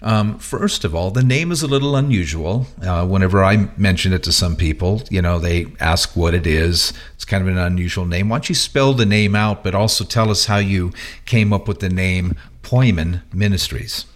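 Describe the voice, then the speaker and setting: A man's voice: low voice, normal speed. A man hosting a ministry podcast, jovial and easygoing, laughing easily between questions. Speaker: podcast host. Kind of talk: podcast conversation.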